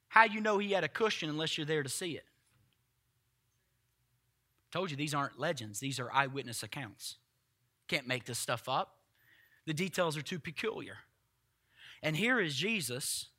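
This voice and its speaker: A pastor preaching in church, with a high, ringing voice and a very bright tone. He talks straight to his congregation in a loose, conversational way. Now and then he bursts into loud, shouted lines. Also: very animated, normal speed, pauses often. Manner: swings from quiet asides to loud shouted quotes; conversational, addresses congregation directly. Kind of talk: sermon.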